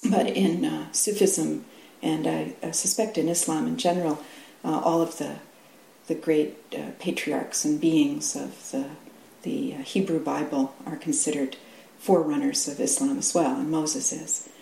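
A middle-aged woman giving a dharma talk, halting often with restarts and fillers and laughing easily. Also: low-pitched, steady tone, vocal fry, mellow. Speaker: dharma teacher. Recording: echoey room with faint hum.

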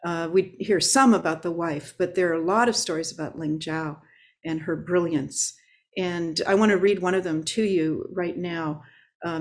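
A woman's voice: lowish voice, darkish tone. Reflective woman giving a dharma talk. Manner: unhurried and reflective, with frequent filler pauses. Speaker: Zen teacher.

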